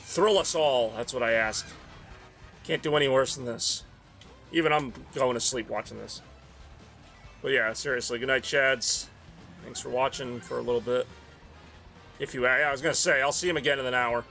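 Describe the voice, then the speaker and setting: A man's voice: medium pitch, steady tone, moderate pace, long pauses, sharp tone, soft background music. A man from the Northeast US, tired and rambling in casual chat while streaming a racing game. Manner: rambling, self-deprecating, mumbly asides.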